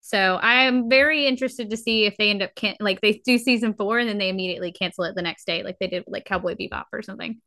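Bright-voiced young woman chatting. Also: medium pitch, fast talker, hardly any pauses, no room sound, studio quality. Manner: animated, opinionated, quotes herself in lively bits. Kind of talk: casual chat.

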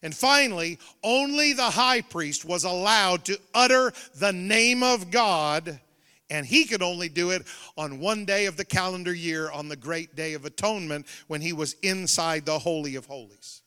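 A male pastor preaching a revival sermon, building to loud call-and-response emphasis. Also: sits high, moderate pace, clean tone. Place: church sanctuary. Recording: reverberant church hall.

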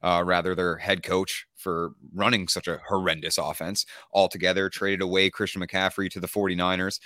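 A deep-voiced man from Canada co-hosting a sports podcast. He is relaxed and reels off numbers in a loose, conversational way. The recording is dry and close. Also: moderate pace, no echo. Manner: rattles off stats, relaxed. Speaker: podcast co-host. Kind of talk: casual fantasy football talk.

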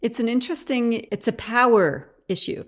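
A woman's voice: on the high side, moderate pace. A woman hosting a podcast interview, chatty and curious, thinking her questions through aloud. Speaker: podcast host.

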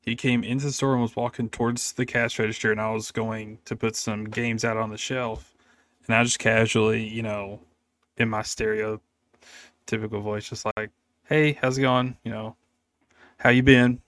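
A man's voice: on the low side, little pitch movement, moderate pace, a bit bright, dry recording. Laughing young man telling a story. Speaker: podcast co-host. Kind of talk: casual chat.

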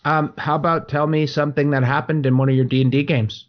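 A man's voice: on the high side, little pitch movement, fast, lo-fi sound. A man co-hosting a casual podcast chat about tabletop games, rambling with repeated words and frequent laughs. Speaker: podcast co-host.

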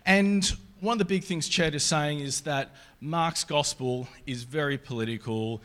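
A man giving a sermon in a relaxed, conversational way, reading scripture aloud along the way. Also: on the high side, a little slow. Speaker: preacher.

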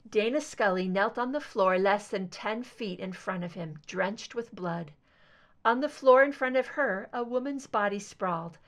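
A woman narrating a fan fiction audiobook with steady, expressive storytelling. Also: mid-range voice. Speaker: audiobook reader.

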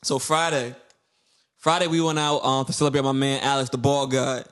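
A man's voice: medium pitch, normal speed. A young man, co-hosting a casual podcast chat, telling stories with slang and acted-out quotes. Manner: animated storyteller, slangy, acts out quotes. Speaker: podcast co-host.

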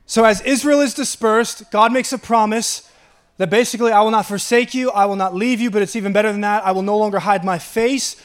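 A man with a Long Island accent preaching a sermon, reading scripture aloud and chuckling between his points. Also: high voice. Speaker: pastor.

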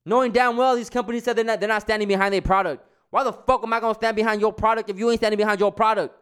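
A man's voice: sits high, fairly even intonation, very fast, hardly any pauses, a bit bright, clear, resonant tone. A young man ranting heatedly in a casual monologue, swearing often and restarting his sentences. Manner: heated, profane, repetitive restarts. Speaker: vlogger.

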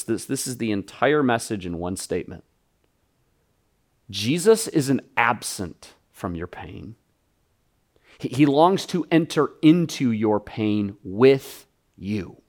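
A man preaching a sermon as pastor, animated, with quick stuttered restarts, acting out the people in the story. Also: medium pitch.

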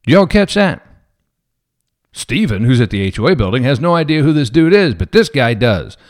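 A man's voice: mid-range voice, moderate pace. A man who is a police officer, telling a story to viewers in a casual way and acting out the people in it. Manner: animated, acts out quoted people.

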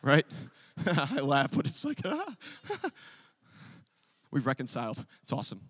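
A man preaching a sermon, telling a story with lively acted-out quotes and asides. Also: mid-range voice, a little slow, big-room sound. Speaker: pastor.

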